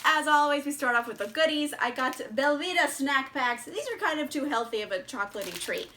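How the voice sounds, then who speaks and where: A woman's voice: high-pitched, animated, brisk, bright, forceful tone, a little hiss or hum. A woman vlogger casually chatting through a book haul, bubbly and giggly, with lots of fillers.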